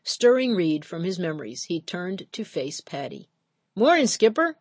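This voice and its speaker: Woman narrator, low voice, measured storytelling, dry close studio sound. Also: very animated, warm tone, no echo. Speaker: audiobook narrator. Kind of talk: scripted narration.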